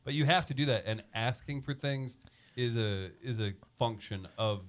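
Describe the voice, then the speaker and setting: A man hosting a podcast in a studio, chatting with his guest in a relaxed, encouraging way. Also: mid-range voice, normal speed, a little hiss or hum. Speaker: podcast host. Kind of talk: casual interview chat.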